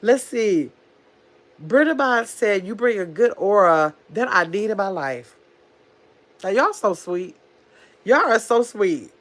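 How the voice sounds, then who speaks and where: A woman's voice: mid-range voice, very animated, slow pace, pauses often. Woman, casual livestream host, chatty and easygoing, reads comments aloud. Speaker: livestream host reading chat.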